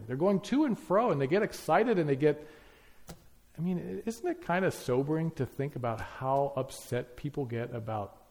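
A man's voice: fairly high pitch, darkish tone. A man preaching a sermon, emphatic, piling up lists and rhetorical questions.

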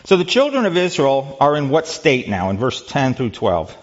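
A man's voice: mid-range voice, huge pitch swings, moderate pace, dull audio. A man leading a church Bible study in a conversational way, quizzing the group and often repeating words.

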